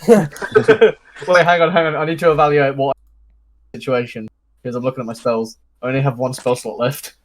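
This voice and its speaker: A man playing a tabletop game in casual chat, excitable, swearing and laughing often. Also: mid-range voice, normal speed, pauses often, a little hiss or hum. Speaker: player.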